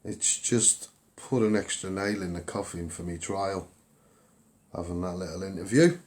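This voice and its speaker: A man's voice: low-pitched, moderate pace, darkish tone. Rambling Scouse man on a livestream. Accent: Liverpool (Scouse). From England. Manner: rambling, upbeat, repeats himself, many ums. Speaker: campaigner livestreaming to viewers. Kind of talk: casual livestream chat.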